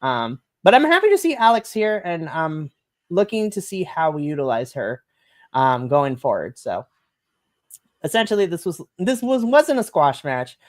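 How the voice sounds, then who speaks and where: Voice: medium pitch, sing-song, moderate pace. An enthusiastic podcast co-host recapping wrestling in a rambling, giggly casual chat on a home stream mic. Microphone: home mic on a live stream.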